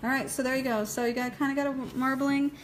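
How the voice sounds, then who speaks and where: A woman's voice: high-pitched, fairly even intonation, fast talker, a little hiss or hum, poor audio. Chatty woman teaching a nail demo. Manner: chatty, laughs easily, reads viewer comments aloud; folksy, checks in with "okay?". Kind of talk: casual live tutorial.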